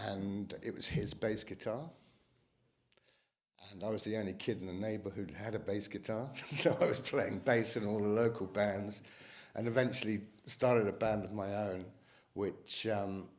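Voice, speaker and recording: Man with a lowish voice, emotional, halting memorial tribute. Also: darkish tone. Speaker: cousin giving a eulogy. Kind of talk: memorial speech. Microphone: microphone.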